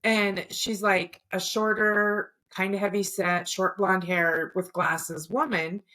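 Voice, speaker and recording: A woman's voice: medium pitch, slow. Profane woman recounting a dream. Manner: profane, animated storytelling. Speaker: podcast co-host. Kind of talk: casual chat, recounting a dream.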